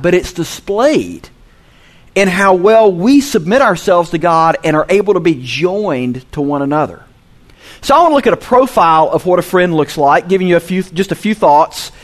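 A man preaches with a lively, high-pitched voice. He drops into quiet, low asides, then climbs to loud, emphatic peaks. His delivery is that of a pastor addressing his congregation. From Southern US. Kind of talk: sermon.

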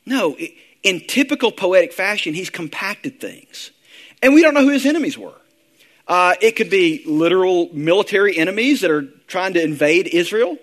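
A man with a fairly high voice delivers a sermon. He speaks earnestly and slows down to a hushed, tender tone when he reads prayers and verses aloud. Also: big pitch swings. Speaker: pastor.

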